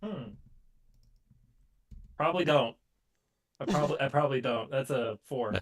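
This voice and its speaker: A man's voice: mid-range voice, moderate pace. Joking male tabletop player. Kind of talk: casual tabletop play.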